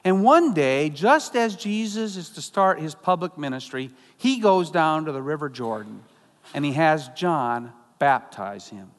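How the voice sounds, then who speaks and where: A man preaching a sermon as pastor, earnest, slowing down when he quotes scripture. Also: a little high, lively intonation, long reverb tail.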